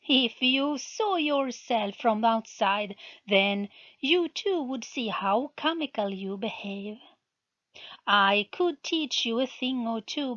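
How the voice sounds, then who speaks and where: A furious young witch, scornful and commanding, who gives orders slowly and deliberately, voiced by a woman reading a story. Her voice sits a little high for a woman. The recording is muffled and lo-fi.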